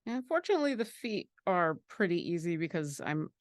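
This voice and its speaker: A woman chatting casually on a livestream while painting miniatures, playful and full of quick asides. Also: lowish voice, sing-song, no room sound, studio quality. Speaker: mini painting teacher.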